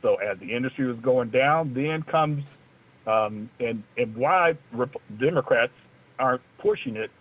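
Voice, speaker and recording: A man's voice: mid-range voice, animated, measured pace. A man co-hosting a casual talk show, rambling in a loose, joking way. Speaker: co-host. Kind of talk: casual talk-radio chat. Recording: tinny phone line.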